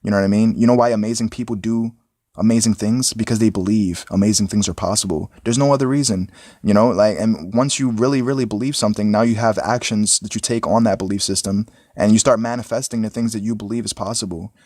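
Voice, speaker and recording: Low-voiced young man rambling to his phone. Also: steady tone, quick pace, darkish tone, dry recording, clean studio sound. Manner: rambling, repeats "you know what I'm saying". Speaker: vlogger. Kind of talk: casual motivational monologue. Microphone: smartphone.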